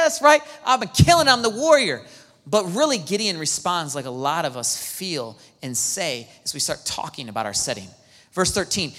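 A man's voice: sits high, pushed and bright. A man preaching a sermon in a chatty way, acting out the quotes in shifting voices. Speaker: pastor. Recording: long reverb of a large hall.

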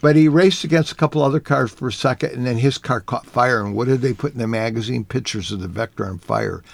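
A man's voice: mid-range voice, quick pace, vocal fry, dry recording. A man who works as an auto journalist, telling long, rambling anecdotes in a casual radio talk.

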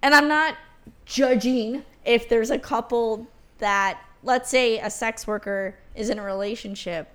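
A woman's voice: on the high side, measured pace, fairly bright tone. A woman co-hosting a podcast in casual chat, talking bluntly and laughing often. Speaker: podcast co-host.

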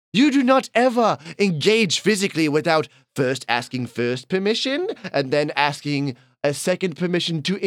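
A man's voice: fairly high pitch, dry recording, studio quality. A man playing a haughty, pompous male llama lord who acts as guest host, talking in a theatrical, indignant manner. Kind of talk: improvised comedy podcast.

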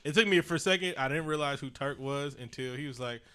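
Animated man in casual podcast chat. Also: mid-range voice, fast, smooth. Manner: animated, laughing, acts out quotes in bursts. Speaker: podcast co-host. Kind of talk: casual chat reviewing a TV show.

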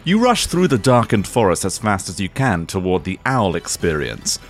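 A man's voice: low voice, sing-song, moderate pace. A man, the game master, narrating a comic tabletop game in a dry, mock-dramatic storytelling manner.

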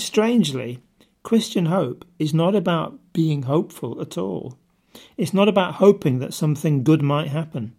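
A man's voice: fairly high pitch, creaky, a little mellow. A man giving a short scripted devotional talk, telling a story and asking rhetorical questions. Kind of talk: scripted sermon-style talk.

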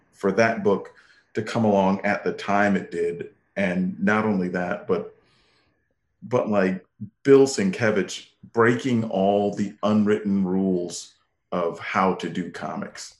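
A man in casual chat, halting and repeating words as he talks, laughing often. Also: low voice. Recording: echoey room.

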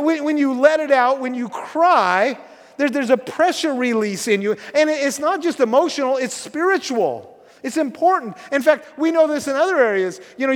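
High-voiced pastor preaching in a reverberant sanctuary. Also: male voice. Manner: conversational and halting, with many restarts, dropping soft when emotional. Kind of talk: sermon. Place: church sanctuary. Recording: long reverb from a church sanctuary.

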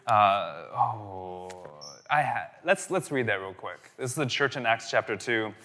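A pastor in his thirties preaches in a chatty, storytelling way, often checking in with "right?". His voice is bright and forward. The sound rings out in a large church hall with a long reverb. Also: lowish voice, lively intonation, a little slow. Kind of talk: sermon.

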